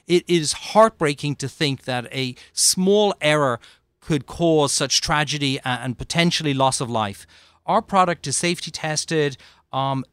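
A man's voice: fairly bright tone, no echo, clean studio sound. A man as a guest, earnestly describing his product with playful stories. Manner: earnest pitch with playful anecdotes. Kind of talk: casual interview chat.

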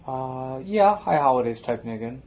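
A man's voice: medium pitch, expressive, moderate pace, a little mellow. A man hosting a casual chat, thinking aloud as he talks. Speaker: podcast host. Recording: muffled lo-fi recording.

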